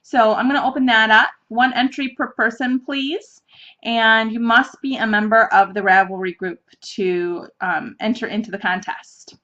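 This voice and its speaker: A woman in her thirties hosts a casual podcast, her voice sitting a little high. She tells everyday stories in an animated, chatty way and breaks into laughter often. The recording is dull and lo-fi. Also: moderate pace. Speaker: podcast host. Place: office.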